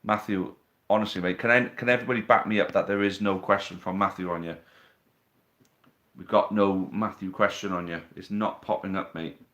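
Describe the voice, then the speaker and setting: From his living room, a man runs a casual live stream on a phone set on a tripod, reading viewer questions aloud and teasing the askers. His voice is low and steady, a little fast and fairly bright.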